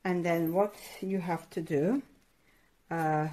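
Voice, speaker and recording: Slow, low-voiced woman art teacher. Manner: encouraging, hesitant with many fillers; addresses children directly, excitable. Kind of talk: step-by-step craft lesson.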